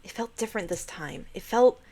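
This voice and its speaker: A woman plays a haunted young woman who can't shake a nightmare, frustrated and brooding. The voice is lifted a little and kept quiet. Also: medium pitch, a little fast, voice pushed up, natural voice.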